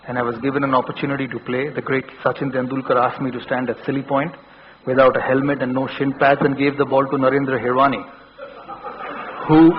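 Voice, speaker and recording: A man in his forties with an Indian English accent, telling stories in a motivational speech on stage, earnest and given to restarts and repeated words. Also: slight background noise. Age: 40s. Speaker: keynote speaker. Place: large hall. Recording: dull, boomy hall recording.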